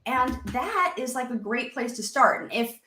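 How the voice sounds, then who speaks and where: A woman's voice: on the high side, animated, moderate pace, pushed and bright, echoey room, a little hiss or hum. A woman in her thirties, a therapist and podcast guest, chatting casually and acting out quoted inner voices with the odd swear. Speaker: licensed marriage and family therapist, guest.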